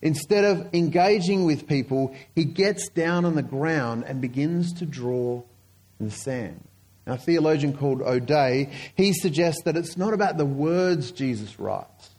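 A man preaching a sermon, telling stories earnestly and slowing down to stress key points. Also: fairly high pitch, expressive, a little mellow. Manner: earnest storytelling, slowing down for emphasis.

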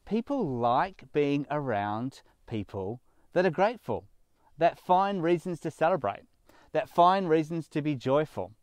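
A man's voice: on the high side, expressive, measured pace, a little mellow, dry recording. A man giving a sermon, speaking earnestly and pushing up on his key words. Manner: earnest, emphatic preaching with rising stresses. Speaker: pastor.

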